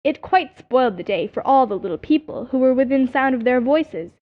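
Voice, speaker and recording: Lady reading a bedtime animal story, higher voice, kinda muffled lo-fi sound. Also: a little fast. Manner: expressive storytelling. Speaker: audiobook narrator. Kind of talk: scripted narration of a children's story. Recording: dull lo-fi audiobook recording.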